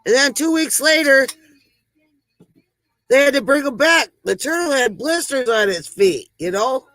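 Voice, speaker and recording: A woman's voice: sits high, lively intonation, measured pace, a bit bright, no echo, low-quality recording. A woman hosting a casual livestream, chatting with viewers, greeting them by name and telling corny jokes. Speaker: livestream host.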